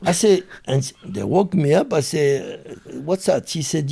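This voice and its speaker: A French-accented man, French being his first language, speaks in a creaky, somewhat high voice with a breathy edge. Guesting in an interview, he narrates a story with animation and breaks off to find English words.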